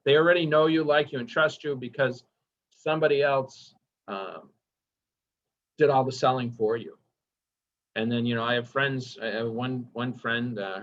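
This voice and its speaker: A man giving a casual training lecture, enthusiastic and chatty, asking the class questions as he goes. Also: mid-range voice. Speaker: workshop instructor. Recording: dull lo-fi recording.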